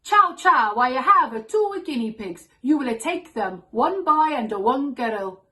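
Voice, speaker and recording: A man's voice: very high-pitched, big pitch swings, unhurried, pitched above the performer's own voice, heavily acted. A woman voicing a brash Italian father who speaks in broken English with a thick Italian accent. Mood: breezy. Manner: loud, emphatic, breezy.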